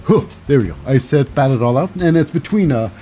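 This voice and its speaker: A man hosting a casual wrestling recap, rambling and halting with lots of fillers, wry and cynical. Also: medium pitch, lively intonation, warm tone, faint music behind. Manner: rambling, halting, full of uh and what's that. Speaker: host.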